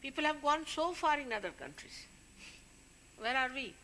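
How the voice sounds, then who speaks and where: A woman's voice: sits high, very animated, moderate pace, bright, forceful tone, slight background noise. A woman, a spiritual leader, giving an informal talk to her followers, warning and scolding them in a conversational way.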